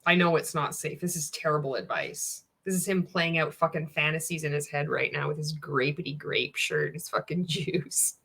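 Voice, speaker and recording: A woman's voice: sits low, moderate pace, hardly any pauses, fairly bright tone, breathy edge. A woman from Canada hosting a reaction video, talking in casual, sarcastic commentary full of swearing and laughter. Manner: profane, sarcastic, laughing often.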